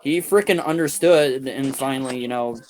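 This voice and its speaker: A man's voice: mid-range voice, moderate pace. A young man streaming a game, telling a long crude story in a casual, profane, rambling way with many restarts.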